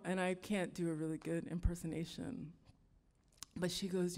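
Woman storyteller, low-ish voice, earnest and halting, live hall with long reverb. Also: creaky, a little mellow. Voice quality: reflective, earnest, halting with fillers. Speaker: musician and storyteller. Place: stage in a large hall before an audience.

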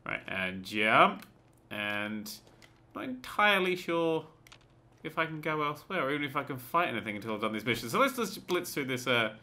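A man talking over his gameplay in a casual let's play, full of jokes, swearing and rambling tangents. His pitch leaps around constantly. The tone is sharp and very bright. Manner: joking, swearing, rambling asides. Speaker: gaming channel host.

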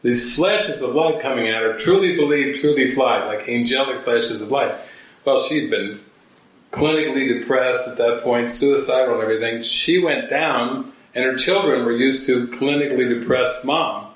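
A man's voice: medium pitch, normal speed, a bit bright. A man, a spiritual teacher, telling a story to a gathering and acting out quotes in shifting voices. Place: church hall. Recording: very echoey room, mic far off.

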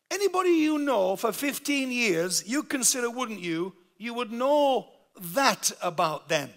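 A man's voice: extremely high pitch, sing-song, unhurried, hardly any pauses, a bit bright. A man with a Yorkshire accent preaching a sermon, telling a story with emphatic, humorous delivery. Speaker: pastor.

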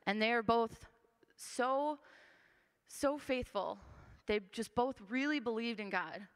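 A young woman in her twenties shares her life story from a church stage in an earnest, chatty way, with plenty of ums and likes. Her voice sits fairly high for a woman. It rings out with a long reverb through the sanctuary. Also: slow, smooth. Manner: earnest and conversational, with frequent fillers. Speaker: church member giving testimony. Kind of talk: personal testimony storytelling.

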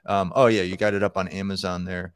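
A man's voice: low-pitched, flat delivery, fast talker, no room sound. Rambling man on a dry mic. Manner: rambling, many fillers and restarts. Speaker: co-host of a live electronics programming show. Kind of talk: casual live-stream chat.

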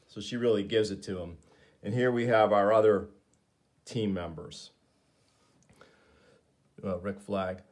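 Enthusiastic low-voiced man reviewing comics. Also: steady tone, unhurried, pauses often. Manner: enthusiastic, with frequent fillers. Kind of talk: casual comic commentary.

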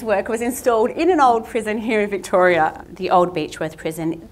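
A woman's voice: mid-range voice, animated, normal speed, few pauses. Candid woman giving a talk. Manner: candid, self-deprecating storytelling. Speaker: guest artist speaker. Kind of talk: public talk with slides. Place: talk venue at a justice centre.

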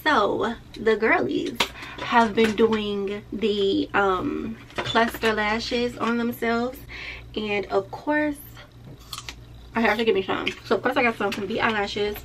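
A woman's voice: fairly high pitch, takes it slowly, a little hiss or hum. A woman who works as a lash tech, chatting casually and playfully straight to her viewers in a vlog.

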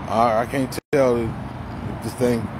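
A man's voice: medium pitch, flat delivery, unhurried, heavy background noise. A man vlogging outdoors by a busy street corner on a handheld phone, talking in heavy street slang and slipping into a profane, heated rant. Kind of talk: casual walking vlog turning into a rant. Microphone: handheld phone camera.

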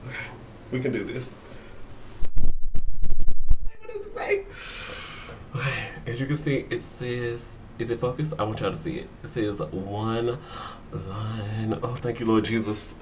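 A man's voice: fairly low pitch, fairly even intonation, normal speed, slight background noise. Young man, sassy nervous home vlogger, roomy echoey sound, mic a bit far off. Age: 20s. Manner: nervous, chatty, sassy, says "girl" often. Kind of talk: casual vlog talk. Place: home bathroom. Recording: roomy echo, slightly distant.

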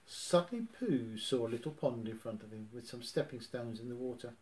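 A man reading a children's story aloud in a lively, expressive way. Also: mid-range voice, a little fast, slight background noise. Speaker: narrator.

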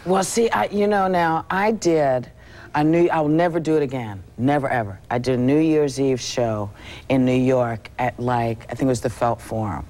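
Deep-voiced woman hosting a talk show. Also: normal speed, darkish tone. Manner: chatty, frequent brief agreements. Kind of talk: casual talk show interview. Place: television studio.

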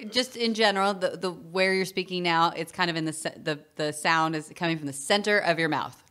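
A woman with a Southern US accent, speaking as a guest in a relaxed interview. Her voice sits a little low for a woman. She is chatty, laughs often and keeps restarting her sentences. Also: fairly quick. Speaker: actor, guest. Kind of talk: casual interview chat.

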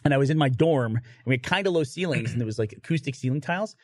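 A man with a medium-pitched voice hosts a podcast, telling a story very fast in a casual, animated way. He swears and laughs throughout, and there's no echo.

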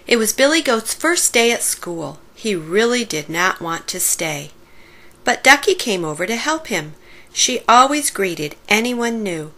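A woman reading a children's picture book aloud, slowly and expressively. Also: mid-range voice. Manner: slow, warm-paced expressive reading. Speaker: storybook reader. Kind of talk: children's story read-aloud.

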